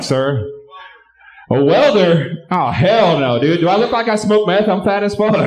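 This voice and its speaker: A man doing a live stand-up set and hosting, bantering crudely with the crowd and shouting his punchlines. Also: sits high, lively intonation, normal speed. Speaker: stand-up comedian and show host. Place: live comedy club stage.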